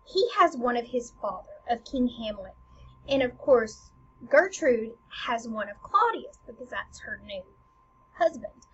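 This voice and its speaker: Lively woman teacher with a high voice. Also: measured pace, muffled recording, slight background noise. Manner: lively, casual, with fillers and acted quotes. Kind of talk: lesson explaining a play.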